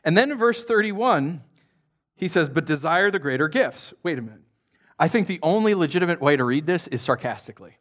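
A man preaching a sermon to his congregation, chatty and animated, often tossing in "right?", and dropping soft and low when he reads scripture. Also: brisk. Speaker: pastor.

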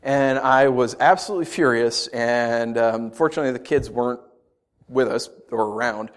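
A man preaching a sermon, telling stories with sudden shouted bursts and rhetorical questions to the congregation. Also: mid-range voice, normal speed. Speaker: pastor.

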